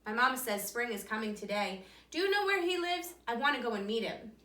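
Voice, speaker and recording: An eager, curious little rabbit boy pipes up high and chirpy, as a woman reading a storybook puts him on. He sounds bright and excited. The echoey room and the distance from the mic colour his voice. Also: a little fast.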